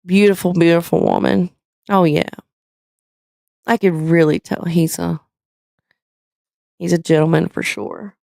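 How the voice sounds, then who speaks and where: A woman's voice: on the low side, steady tone, a little slow, vocal fry, pauses often, a little mellow, no echo, clean studio sound. A woman hosting a live stream, chatting casually, rambling with lots of fillers and reading viewer comments aloud.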